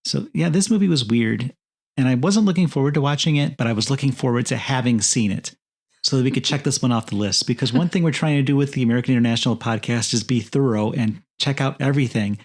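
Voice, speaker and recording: A man co-hosts a casual film review podcast, offering dry, wry remarks. His voice sits at an average pitch for a man and carries a gravelly fry. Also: fast talker. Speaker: podcast co-host.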